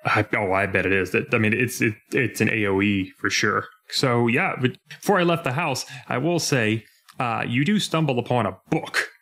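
A young man co-hosting a casual podcast, animated and jumping into mock voices as he retells scenes. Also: medium pitch, moderate pace. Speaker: podcast co-host. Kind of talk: casual chat.

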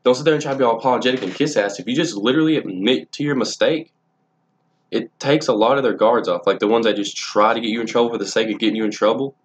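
This vlogger, a young man, rambles through stories to camera, cursing freely and starting over again and again. He has a mid-range voice and talks fast.

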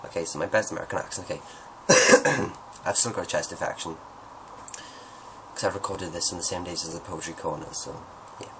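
A man's voice: low-pitched, a little fast, background noise. A man answering viewer questions at home in a rambling, joking, self-deprecating way. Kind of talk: casual Q&A monologue.

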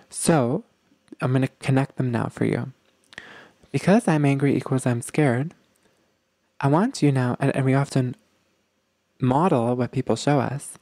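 A man hosts a casual podcast and talks straight to his listeners, earnest and informal. His voice sits at an ordinary middle pitch, and the recording is dry and close, with no room sound. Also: warm tone, no echo. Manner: earnest, addresses listeners as "guys", repeats words. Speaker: podcast host. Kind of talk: casual advice podcast talk.

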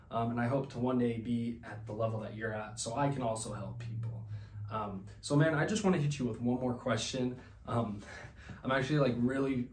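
A man's voice: medium pitch, a little mellow, roomy sound, slight background noise. A man hosting a comedy podcast who rambles and stammers, with lots of ums. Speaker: podcast host.

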